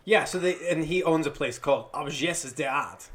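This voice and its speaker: A man hosting a podcast, recapping a book's plot in a relaxed way and laughing easily. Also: on the high side, moderate pace, a little hiss or hum. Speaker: podcast host. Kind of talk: casual podcast chat recapping a book.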